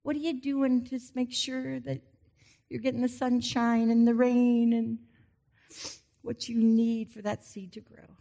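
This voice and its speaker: A woman preaching a sermon, emotional, swinging from loud exhortation to soft, intimate passages. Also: fairly high pitch, level tone, measured pace, creaky.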